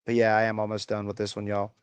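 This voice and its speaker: This American host talks quickly in a fairly low, monotone voice that sounds clear and resonant, mocking his commenters with rambling profanity. The dry recording comes from a rural home where he streams.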